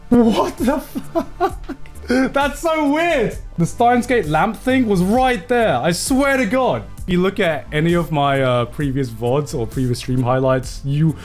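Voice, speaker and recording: A man streaming live, reacting to fan-made edits in a casual, incredulous way, swearing and laughing often. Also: mid-range voice.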